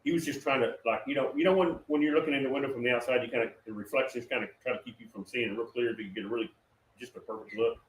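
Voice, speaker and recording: A man with a mid-range, steady-toned voice rattles off the story of a prophetic dream at rapid-fire speed, rambling through it with many fillers and restarts. He's a guest sharing it casually, recorded on a distant mic in a roomy space with a little background noise.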